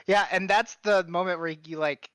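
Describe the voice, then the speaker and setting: A man's voice: high voice, fairly even intonation, normal speed, a bit bright, clear, resonant tone, no room sound. A man running a tabletop game as game master, narrating loosely with chuckles.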